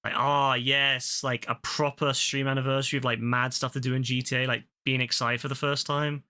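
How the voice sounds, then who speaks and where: Excitable man, bright voice. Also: medium pitch, brisk. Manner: excitable, slangy, swears casually. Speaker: game streamer. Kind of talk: live gameplay stream, chatting with chat.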